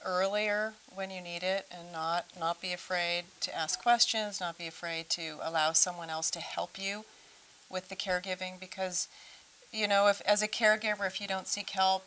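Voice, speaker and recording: A woman's voice: fairly low pitch, fairly even intonation, moderate pace, fairly bright tone, slight background noise, poor audio. A woman from a senior services organization, telling an earnest story as a guest in a TV interview. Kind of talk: TV interview talk.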